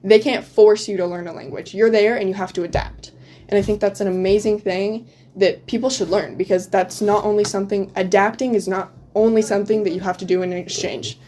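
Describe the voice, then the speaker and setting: Teen girl guest, American, casual and filler-heavy, mellow tone, light background hiss. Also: medium pitch, steady tone, brisk. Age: teens. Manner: chatty, many "um" and "like" fillers, laughs often. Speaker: guest, returned exchange student. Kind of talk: casual interview answers.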